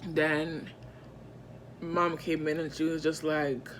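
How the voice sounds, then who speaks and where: Brief: woman vlogger, unhurried drawl, animated slangy storytelling, quick asides to the audience, faint background hiss. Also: sits low. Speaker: vlogger telling a personal story. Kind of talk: casual storytime.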